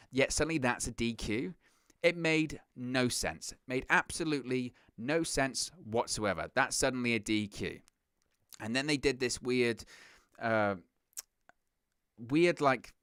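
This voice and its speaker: A man's voice: mid-range voice, a bit bright, no room sound, clean studio sound. A man hosting a solo reaction talk, ranting in an exasperated, sarcastic way and repeating his points. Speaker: wrestling reaction host. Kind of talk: solo commentary vlog.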